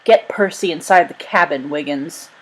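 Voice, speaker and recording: Lady doing a bossy loud governor guy, yells orders at his crew, storybook reading. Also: deep voice, moderate pace, low-quality recording. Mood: irritated. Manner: bellowing, barking orders. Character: blustering tyrannical male ship governor.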